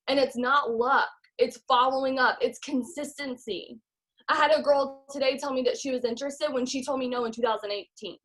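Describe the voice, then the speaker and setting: High-voiced energetic woman giving a pep talk. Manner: energetic, emphatic, acts out her own past complaints. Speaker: team leader in direct sales. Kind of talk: motivational talk on a live call.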